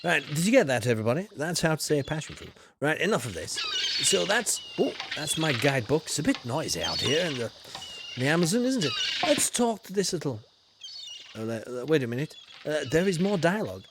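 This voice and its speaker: A man streaming a game slips into a theatrical, old-fashioned gentleman explorer persona and greets his chat by name. His voice sits a touch high and leaps up and down in pitch as he talks. A faint hiss stays under the whole recording. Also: sing-song, a little fast. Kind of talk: live game commentary in a role-play persona.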